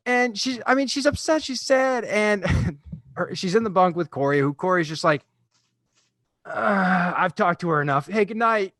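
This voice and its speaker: A man's voice: high voice, moderate pace, dry recording, clean studio sound. A man co-hosting a podcast, retelling a film scene by scene and acting out the characters' lines in casual chat. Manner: animated storyteller, acts out characters' lines. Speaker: podcast co-host.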